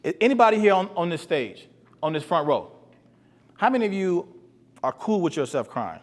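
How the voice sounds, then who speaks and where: A man's voice: high-pitched, big pitch swings, moderate pace. Earnest man speaking to boys in a hall. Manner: earnest, repeats himself, asks the audience questions. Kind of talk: motivational talk. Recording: long hall reverb.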